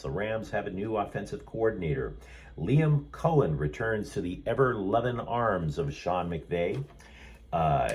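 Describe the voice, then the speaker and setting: A man's voice: lowish voice, darkish tone, slightly rough. A man hosting a sports channel, talking in a sarcastic, rambling monologue from a hotel room. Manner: sarcastic, rambling, sardonic asides. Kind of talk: snarky sports commentary monologue.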